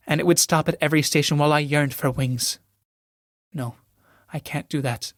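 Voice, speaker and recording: A man's voice: fairly high pitch, fairly even intonation, normal speed, a bit bright, no echo, studio quality, close to an everyday voice. A man reading the part of a proud, desperate young noblewoman in a solo reading of a stage play, swinging from pleading to furious shrieks. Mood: wistful pleading.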